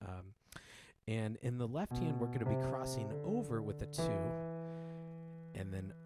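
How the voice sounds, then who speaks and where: A man teaching a piano piece in a relaxed, explanatory way, with many fillers and restarts. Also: lowish voice, a little slow. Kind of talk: casual spoken tutorial. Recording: piano playing loudly behind. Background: loud piano playing.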